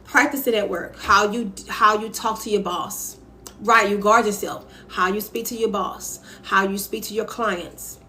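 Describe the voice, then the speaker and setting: A young adult woman hosts a casual live stream from home, giving advice and reading viewer comments aloud, speaking into her phone emphatically and candidly. Her medium-pitched voice is steady, a bit slow and sharp in tone, with faint music in the background.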